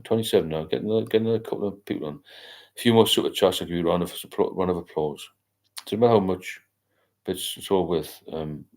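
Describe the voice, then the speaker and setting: An older man, hosting a casual late-night livestream and rambling as he reads out viewer comments. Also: extremely low pitch. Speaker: livestream host.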